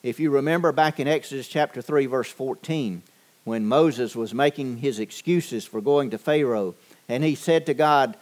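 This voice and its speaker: A man preaching a sermon, measured and deliberate, with frequent pauses and fillers. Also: medium pitch. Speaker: pastor.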